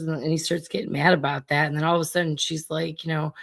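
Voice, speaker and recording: A woman's voice: sits low, quick pace, gravelly, hardly any pauses. A woman hosting a true-crime show, giving commentary over an old tape and acting out both sides of the conversation as she retells it. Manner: animated retelling that acts out both sides of the talk.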